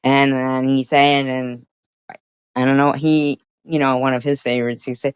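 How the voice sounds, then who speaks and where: A woman's voice: very deep voice, little pitch movement, unhurried, smooth, no room sound. A woman vlogger casually telling a rambling story, swearing and laughing often.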